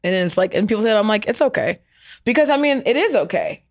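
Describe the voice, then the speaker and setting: A woman's voice: medium pitch, lively intonation, quick pace. A woman podcast guest talking casually, with lots of fillers like "like" and "you know". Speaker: podcast guest, networking group founder. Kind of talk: casual conversation.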